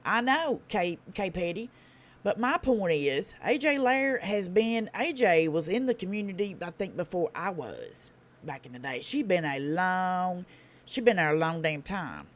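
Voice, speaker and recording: Southern woman host with a Tennessee accent; blunt and profane, quick, animated delivery. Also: lowish voice. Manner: blunt, profane, folksy drawl; fast talker. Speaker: livestream host. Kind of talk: casual live-stream commentary.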